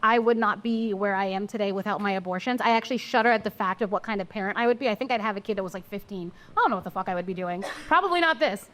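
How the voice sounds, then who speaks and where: A woman's voice: medium pitch, racing, hardly any pauses, fairly bright tone. A woman who is a mother of four and works as an abortion doula, speaking candidly at a live panel, blunt, swearing freely and laughing as she tells stories. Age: adult, mother of four. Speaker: abortion doula and maternal health advocate. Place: live event at a coffee house.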